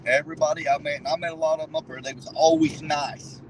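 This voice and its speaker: Southern man, trucker, emphatic and cussing, slightly high voice, faint outdoor noise. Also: level tone, fast. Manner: profane, emphatic, laughing easily. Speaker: truck driver guest. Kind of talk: casual chat.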